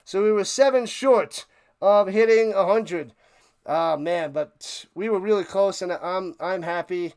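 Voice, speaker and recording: A man hosting a sports live stream, chatting excitedly and a bit out of breath as he signs off to his viewers. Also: sits high, a little slow, clean tone. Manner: excited, rambling, talks to chat viewers. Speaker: sports livestream host. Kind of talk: casual live-stream sign-off chat.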